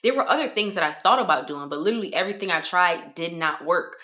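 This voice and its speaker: A young woman vlogger giving a motivational talk to camera, animated, often acting out quoted voices. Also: lowish voice, fast. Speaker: lifestyle vlogger.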